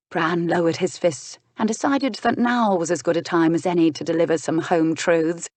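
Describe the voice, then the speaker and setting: Low-voiced woman narrating an audiobook. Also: moderate pace, few pauses, darkish tone, no echo. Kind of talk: scripted narration.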